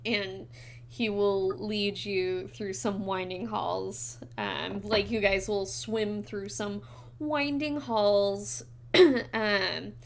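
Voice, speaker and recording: A woman's voice: mid-range voice, fairly even intonation, very slow, vocal fry, a little hiss or hum. A woman narrating as game master of a tabletop game, meandering with fillers and self-corrections.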